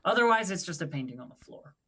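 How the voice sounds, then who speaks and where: Tabletop player, bright voice, joking, self-mocking. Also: medium pitch, sing-song, fast, husky. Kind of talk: playing a tabletop game.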